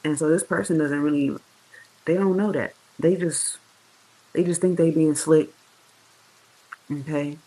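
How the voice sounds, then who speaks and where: A tarot reader gives a loose, profane reading, full of slang and talking right to the audience. Key words get stretched out slowly for weight, and the voice sits at an ordinary middle pitch. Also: steady tone, warm tone, poor audio. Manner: slangy, profane, chatty, addresses viewers directly; drawls words out slowly for emphasis. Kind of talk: casual tarot reading monologue.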